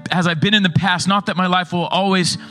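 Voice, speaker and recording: An animated male pastor delivering a sermon with storytelling energy. His voice sits a little higher than most men's. Soft music plays faintly underneath him. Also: brisk.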